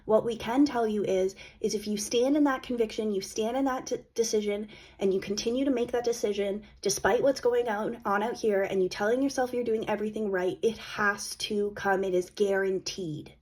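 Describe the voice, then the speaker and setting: A woman's voice: on the high side, fairly even intonation, brisk, darkish tone, breathy edge. A woman hosting a podcast, giving a blunt, emphatic motivational monologue and swearing freely. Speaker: podcast host.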